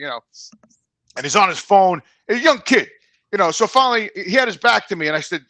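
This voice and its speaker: A man on a headset, a show regular in a casual panel chat, excitable and agitated, swearing a lot. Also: high-pitched, a little fast, creaky, dry recording.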